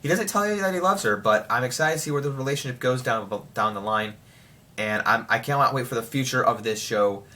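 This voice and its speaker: A young man rambling excitedly through a casual spoiler review of a TV show. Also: mid-range voice, a little fast.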